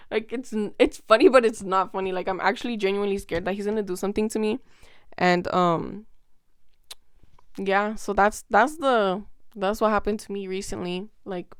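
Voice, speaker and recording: A woman's voice: medium pitch, clean tone, no room sound, studio quality. Rambling young woman telling a storytime. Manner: rambling, lots of "like" and restarts, emotional. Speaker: vlogger. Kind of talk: casual storytime chat.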